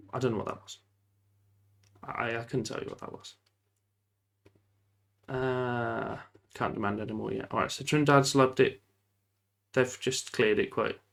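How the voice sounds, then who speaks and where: A man giving lively, casual commentary while playing a football management game, often shouting at the referee and laughing. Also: mid-range voice, gravelly. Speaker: gaming YouTuber.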